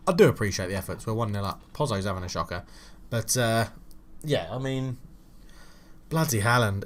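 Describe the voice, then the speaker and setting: Exasperated man commentating a game. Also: mid-range voice. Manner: swearing, exasperated, swings from mutters to excited shouts. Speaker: gaming channel host. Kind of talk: casual football game commentary.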